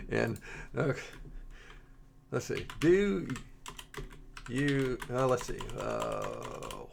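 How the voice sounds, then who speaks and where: A man walks through a software demo with a gravelly edge to his voice. He talks slowly and in halting stretches, stopping to restart his sentences. The delivery stays relaxed throughout. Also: medium pitch, a little hiss or hum. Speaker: software tutorial presenter. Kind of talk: screen-recorded coding tutorial.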